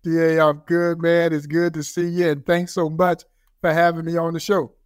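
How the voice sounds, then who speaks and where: A middle-aged man tells stories on a podcast as its guest. His voice runs a bit high, and his delivery is folksy and animated. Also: normal speed, clean tone, dry recording, clean studio sound. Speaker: museum president, guest. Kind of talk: storytelling interview.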